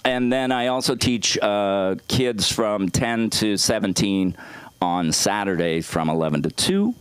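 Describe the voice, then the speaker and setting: Low smooth-voiced man plugging shows. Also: animated, no echo. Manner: rattles off a quick list of plugs. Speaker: comedy teacher and show host. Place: comedy club stage.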